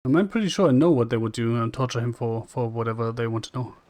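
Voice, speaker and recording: A man with a medium-pitched voice talks fast as he casually comments on a role-playing game. He reads the dialogue aloud flatly, staying wry and chatty and cracking jokes.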